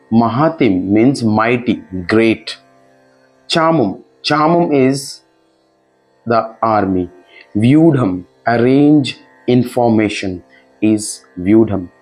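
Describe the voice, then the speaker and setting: A man's voice: mid-range voice, a little mellow, rough recording. Man teaching scripture patiently. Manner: patient, explaining word by word with thinking pauses. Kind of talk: explanatory lesson narration.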